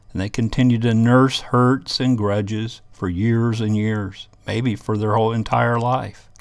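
A man's voice: mid-range voice, dry recording. Earnest man teaching a Bible class. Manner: earnest, reads scripture aloud and comments. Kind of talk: Bible lesson reading scripture.

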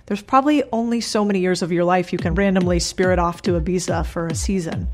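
A woman's voice: fairly low pitch, fast talker, darkish tone. Blunt, casual woman giving money advice. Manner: blunt, casual, swears freely. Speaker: business creator and host. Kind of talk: direct-to-camera advice talk.

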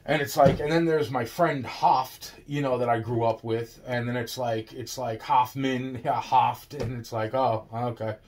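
A man's voice: medium pitch, fairly even intonation, measured pace, few pauses, slight background noise. A man telling a long personal story straight to the listener, rambling, repetitive and full of swearing.

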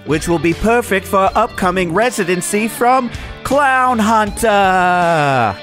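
A man's voice: sits high, animated, slow, a bit bright, soft background music, pitched above the performer's own voice, exaggerated voice. A man reading a brash radio ad for a bar and buffet as a pushy hard-sell announcer, half singing some lines.

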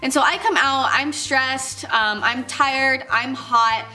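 A woman's voice: high-pitched, takes it slowly, pushed and bright, faint music behind. A young woman telling work stories to her camera in a chatty, casual way, full of "like" and acted-out quotes. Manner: chatty, many "like"s, acts out quoted voices. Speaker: vlogger.

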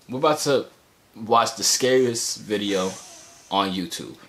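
A man's voice: medium pitch, noisy background. A young man hosting a casual vlog with his little brother, teasing and laughing often. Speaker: vlogger, older brother.

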